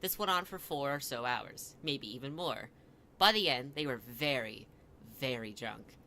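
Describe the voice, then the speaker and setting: A man's voice: medium pitch, measured pace, sharp tone, a little hiss or hum. A man reading a comic fan story aloud in a mock-dramatic way, with wry asides.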